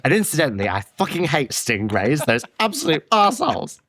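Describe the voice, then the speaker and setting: A man co-hosting a podcast, joking around and swearing casually as he chats. His pitch swings widely from line to line, and the sound is dry and close. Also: big pitch swings, a little fast, a bit bright, no echo. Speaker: podcast co-host. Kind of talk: casual chat.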